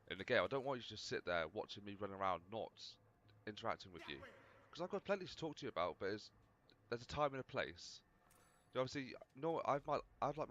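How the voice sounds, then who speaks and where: Low-voiced guy chattering fast over a game he's playing, bit of hiss, kinda overdriven mic. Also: a bit bright. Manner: rambling, chatty, self-mocking. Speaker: gaming video host. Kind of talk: casual gameplay commentary.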